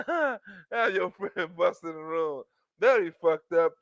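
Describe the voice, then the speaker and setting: A man with a high-pitched, bright voice hosts an online show. He riffs in a crude, rambling, comedic way, tripping over restarts. The recording is dry and close, with no room sound. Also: lively intonation, slow, dry recording, muffled recording. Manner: crude, rambling storytelling full of acted-out quotes; stammering restarts. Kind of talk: casual comedic riffing.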